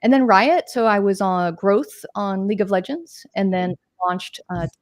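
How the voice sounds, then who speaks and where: At normal speed and mid-range pitch, this woman in her forties talks in a studio-quality recording without echo. She's a games marketer on a podcast, telling her career story in chatty, meandering interview style with fillers and tangents.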